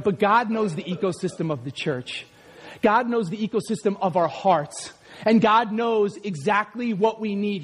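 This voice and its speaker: High-voiced shouting man preaching. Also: long reverb tail. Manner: animated and joking, often shouting. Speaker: pastor. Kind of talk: sermon. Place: church sanctuary.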